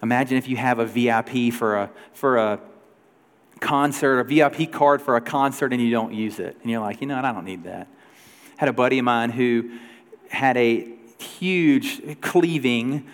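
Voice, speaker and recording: Conversational preacher in a reverberant hall. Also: male voice, mid-range voice, normal speed. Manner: conversational storytelling, shifts pace and loudness. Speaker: pastor. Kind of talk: sermon.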